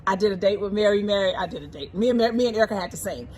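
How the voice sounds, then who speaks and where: A woman in her forties, talking casually and warmly about her husband, emphatic and repeating her points. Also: medium pitch, lively intonation, racing, a little hiss or hum. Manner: emphatic and repetitive, often repeating phrases. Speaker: co-host, singer. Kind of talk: casual heartfelt talk.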